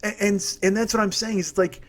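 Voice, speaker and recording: A man's voice: sits high, level tone, a little fast. A man hosting a comedy podcast from home, ranting in a rambling, profane, self-mocking way. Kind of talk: comic rant monologue.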